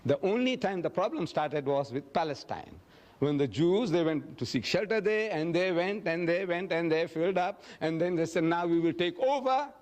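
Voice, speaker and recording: A man's voice: on the high side, animated, moderate pace. A man gives a public lecture and answers audience questions. He tells stories emphatically and acts out quotes in a raised voice. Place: lecture hall.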